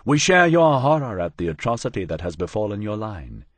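Man playing a deep, resonant male robot, calm and soothing, husky tone. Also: brisk, dry recording. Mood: reassuring. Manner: calm, reassuring.

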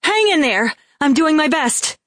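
A man doing a very high, urgent young woman. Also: big pitch swings, a little slow, pushed and bright, no echo, clean studio sound, heavily acted. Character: urgent young female tech ally. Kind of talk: audiobook character voice.

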